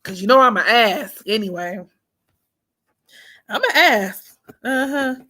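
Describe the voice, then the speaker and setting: A woman hosts an astrology livestream, chatting casually, teasing playfully, laughing often, and sometimes dropping to a near-whisper. Her voice is fairly high and sharp-toned, animated but slow.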